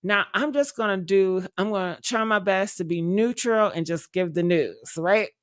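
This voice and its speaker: Woman, young adult, live-stream chat, loose chatty rambling, smooth clear voice, dry close sound. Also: medium pitch, moderate pace, dry recording.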